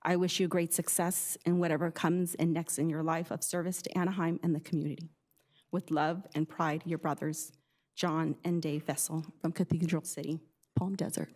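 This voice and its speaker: A woman's voice: deep voice, level tone, normal speed, a little mellow. A woman serving as city clerk at a council meeting, formally reading a statement into the record with some hesitations.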